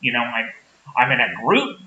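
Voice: medium pitch, very animated, reverberant, lo-fi sound, a crowd in the background, pitched below the performer's own voice, close to an everyday voice. Someone putting on a meek West Virginia country man. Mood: bewildered. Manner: halting, stammering, apologetic.

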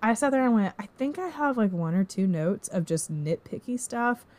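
A woman co-hosting a casual movie-review chat, retelling scenes in an animated way with lots of filler words. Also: mid-range voice, moderate pace. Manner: animated retelling with acted-out quotes; many "like" fillers. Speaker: podcast co-host reviewing a movie.

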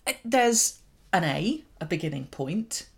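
A woman's voice: lowish voice, big pitch swings, measured pace, gravelly, breathy edge. A woman, co-hosting a podcast in rambling, giggly casual chat. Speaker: podcast co-host. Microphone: studio microphone.

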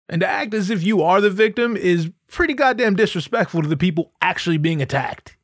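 A man from the United States rants sarcastically, swearing freely as he mocks people. His voice sits on the higher side, recorded close and dry with no room sound. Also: animated, moderate pace, few pauses, a bit bright, no echo. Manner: profane, sarcastic, ranting. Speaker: podcast host. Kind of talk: comedic rant.

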